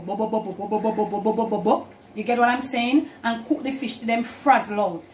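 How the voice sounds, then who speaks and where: A woman's voice: a little high, a little hiss or hum, rough recording. Chatty Jamaican woman cooking at home. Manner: chatty, instructive, repeats "and all of that". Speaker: cooking channel host. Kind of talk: casual cooking demonstration. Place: home kitchen.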